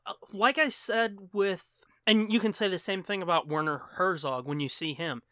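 Bright-voiced man in loose podcast banter. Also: high-pitched, no room sound. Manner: animated, quick impressions and jokes, swears casually. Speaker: podcast co-host. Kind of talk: casual chat.

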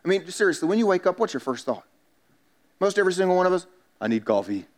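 A man's voice: high voice, quick pace. A man, a pastor preaching a sermon in a church and telling stories with self-mocking humor. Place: church sanctuary.

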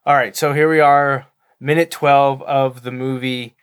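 A man's voice: medium pitch, level tone, unhurried, smooth. A man co-hosting a movie podcast with his wife, talking in a casual, dry and self-deprecating way while enunciating carefully. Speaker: podcast co-host. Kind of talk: casual chat.

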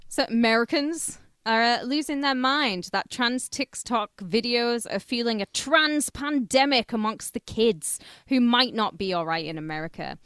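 This Carlisle woman speaks with a Cumbrian accent, her slightly high voice bright and clean as she teases and giggles through a comedic podcast she co-hosts. She laughs easily in the casual banter, and the dry studio recording is clean.

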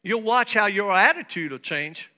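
High, bright-voiced preaching pastor. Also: male voice, lively intonation, normal speed. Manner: preaching with rising shouts and playful asides. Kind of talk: sermon.

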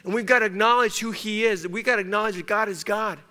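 A man delivers a sermon from the pulpit, his voice pitched high and ringing with a bright, forceful edge. He drives each point home by repeating it and acts out quoted lines within his stories. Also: fast. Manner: emphatic, repeats key phrases, acts out quotes in story. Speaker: pastor.

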